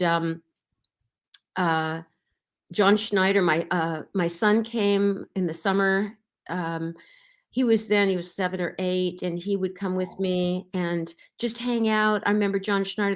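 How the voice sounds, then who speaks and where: A middle-aged actress recalling her time on a show in a relaxed interview, rambling with many fillers and restarts. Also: mid-range voice. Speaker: actress guest. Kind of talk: casual interview anecdotes.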